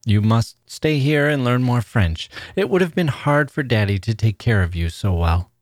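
A man voicing a gentle, attentive father who speaks in a coaxing way. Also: mid-range voice, expressive, moderate pace, no room sound, studio quality, close to an everyday voice.

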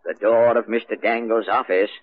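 A man's voice: lowish voice, fairly even intonation, normal speed, very noisy. A man announcing a radio comedy sketch in a mock-ominous, dramatic style, on a muffled 1940s broadcast recording.

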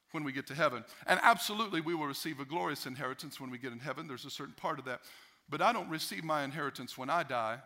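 A man's voice: on the high side, bright, forceful tone. A male pastor preaching a sermon emphatically, repeating key phrases for effect.

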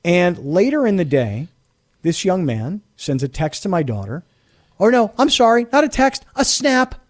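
Animated high-voiced male radio host. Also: normal speed. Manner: animated, indignant storytelling. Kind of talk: sports radio talk.

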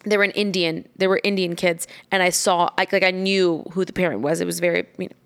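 Chatty, animated woman telling a story. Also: fairly low pitch, fast talker, creaky, clean tone. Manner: animated, swears freely, acts out quoted lines. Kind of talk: casual storytelling chat.

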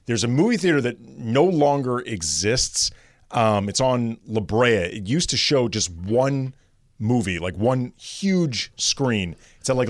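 Man guest on radio show, lively pitch, animated storyteller, dry studio sound. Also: no room sound. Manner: animated storyteller acting out quotes. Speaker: guest co-host. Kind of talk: casual radio chat. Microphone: studio mic.

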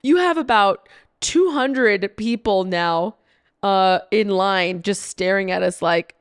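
A woman's voice: mid-range voice, slow, clean tone, dry recording. Chatty young woman telling a story, dry sound. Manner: chatty, lots of "like" fillers, laughs often, swears. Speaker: podcast host. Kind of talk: casual storytelling monologue.

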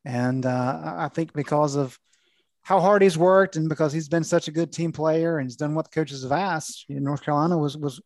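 A man, a veteran sports reporter, explaining things in a measured, rambling way. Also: on the high side, a little mellow, dry recording. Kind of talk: casual sports analysis.

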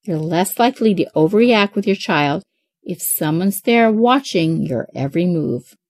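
A woman's voice: fairly low pitch, animated, normal speed, a little mellow, no room sound, clean studio sound. A woman in her forties, a mother of eight hosting a parenting show, reading advice in an upbeat, chatty way. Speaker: parenting podcast host.

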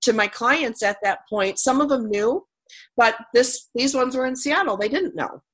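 A woman's voice: fairly high pitch, expressive, moderate pace, fairly bright tone, breathy edge. A woman hosting a coaching talk show, telling personal stories candidly with lots of "you know" fillers. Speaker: podcast host and coach. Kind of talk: conversational interview.

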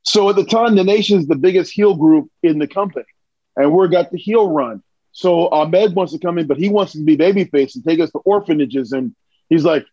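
An animated man with a high voice telling stories, his words tumbling out with excitement. The recording sounds dull and lo-fi. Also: a little fast, no echo. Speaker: podcast guest. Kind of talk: casual storytelling.

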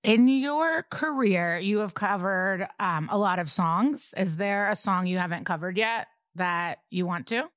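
A woman's voice: medium pitch, measured pace, hardly any pauses, a bit bright, no echo, studio quality. A woman co-hosting a casual interview podcast, chatty and asking questions between laughs. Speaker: podcast co-host.

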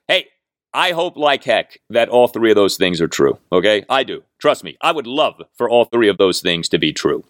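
A man hosts a sports podcast in a lively, swooping voice, wry and sarcastic. The sound is dry and close, with no room around it. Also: on the low side, dry recording. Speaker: podcast host.

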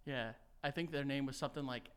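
A man's voice: medium pitch, quick pace, a bit bright, smooth. A young man co-hosting a podcast, telling a rambling story in casual chat, laughing and swearing as he goes. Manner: rambling, laughs through his own stories, swears often. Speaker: podcast co-host.

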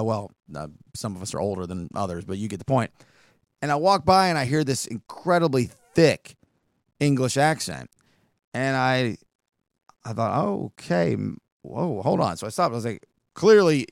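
A man's voice: mid-range voice, no echo, clean studio sound. A man hosting a podcast, telling a story in a rambling, conversational way full of asides. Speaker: podcast host. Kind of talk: casual storytelling monologue.

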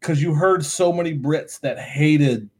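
A man co-hosting a casual podcast chat over drinks, animated, laughing often and trailing off with ums. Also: a little high, measured pace. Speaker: podcast co-host.

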